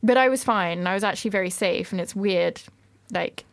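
A woman hosting a casual chat about travel, talking fast and filling her speech with "like". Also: medium pitch, no echo. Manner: chatty, lots of "like" fillers. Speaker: podcast host.

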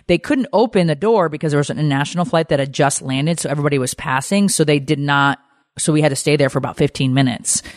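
Animated, swearing woman telling a story. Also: low voice, no echo, clean studio sound. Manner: animated, swears freely, acts out quoted lines. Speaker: mother. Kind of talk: casual storytelling.

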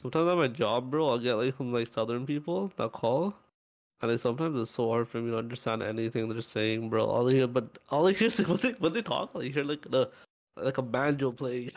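A man's voice: mid-range voice, fairly quick. A young man chatting with friends, telling stories in a rambling way full of "like" and laughs. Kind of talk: casual group chat.

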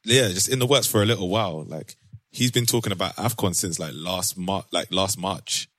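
A man with a fairly low voice hosts a relaxed podcast chat. He laughs easily and leans on slang. The sound is dry and close. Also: moderate pace, no room sound. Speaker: podcast host. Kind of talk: casual chat.

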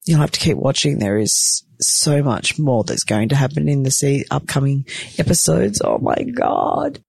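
A woman's voice: very deep voice, normal speed, vocal fry, breathy edge, no room sound. A woman giving a dramatic, gushing casual recap from a hospital bed. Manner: gushing, dramatic, expressive storyteller. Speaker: reality TV cast member recapping episodes.

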